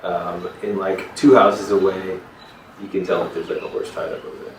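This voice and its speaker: A man's voice: sits low, level tone, moderate pace. A man narrating as game master in a casual tabletop session, rambling and full of fillers. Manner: rambling, many fillers and restarts. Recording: roomy, distant, noisy table recording.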